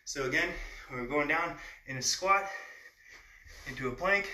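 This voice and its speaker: A man with a bright, forceful, slightly high voice leads a live online workout. He cues each move and counts reps as he exercises, with chatty asides between sets. He sounds echoey and a few steps back from the camera mic. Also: measured pace. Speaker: fitness trainer. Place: home room. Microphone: camera mic at a distance. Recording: echoey room, voice far from mic.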